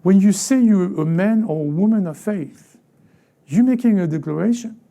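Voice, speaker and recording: Gravelly, very dark-voiced pastor preaching. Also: male voice, high voice, moderate pace. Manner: acts out short quoted voices, asks the congregation rhetorical questions; repeats words and restarts phrases. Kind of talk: sermon. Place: church sanctuary.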